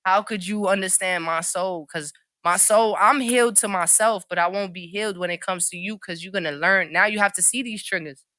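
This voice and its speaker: A woman's voice: medium pitch, a little fast, hardly any pauses, bright, forceful tone, no echo. A woman chatting as a podcast guest on a panel, in loose street slang, candid and rambling. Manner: rambling, restarts often. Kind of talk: casual panel chat.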